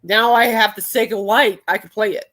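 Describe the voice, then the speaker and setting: A woman's voice: mid-range voice, fairly quick, fairly bright tone. A young adult woman hosting a podcast in casual chat, rambling and laughing often. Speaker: podcast host.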